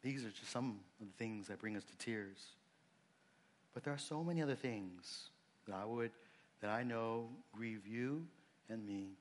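A man preaching a sermon, earnest and conversational, dropping low and soft on emotional points and rising when he stresses a point. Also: unhurried. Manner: conversational asides and restarts. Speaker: pastor.

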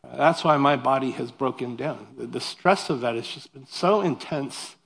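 A pastor preaching a sermon. He reads scripture aloud, explains it, and adds humorous, self-deprecating asides in a lively way. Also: medium pitch, moderate pace, creaky.

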